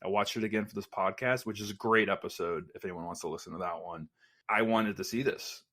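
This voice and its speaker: Male podcast co-host in his thirties, lowish voice, loose chatty delivery. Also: fast talker, fairly bright tone. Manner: loose and chatty, with many likes. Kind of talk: casual chat.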